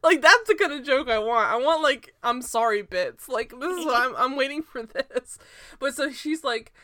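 A young woman with a bright, fairly high voice, chatting casually on a podcast. She rambles, laughs easily and goes off on tangents as she recaps a sitcom. The recording is dry and close. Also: normal speed, no room sound. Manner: animated, laughing, rambling with digressions. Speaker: podcast co-host.

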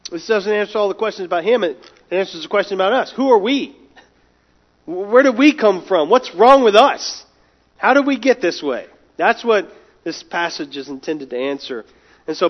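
A man preaching a sermon in an earnest, emphatic way, often repeating and restarting words. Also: high-pitched. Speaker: pastor. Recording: dull lo-fi sound.

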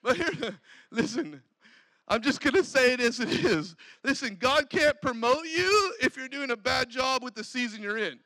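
A male preacher with a strikingly high voice and a gravelly edge, delivering an energetic sermon. He laughs often and breaks into praise. The sound is close and dry. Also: normal speed, no room sound, rough recording. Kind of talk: lively sermon.

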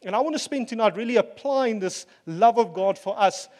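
High-voiced pastor preaching. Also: male voice, normal speed, in a large hall. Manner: earnest, relaxed preaching with asides and fillers. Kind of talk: sermon.

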